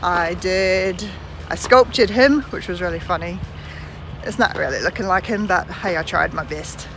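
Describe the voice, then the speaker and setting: A woman's voice: on the low side, normal speed, noisy background. A woman in her thirties from New Zealand with a New Zealand accent, chatting casually as a vlogger while walking outdoors and filming on a phone. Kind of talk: casual chat.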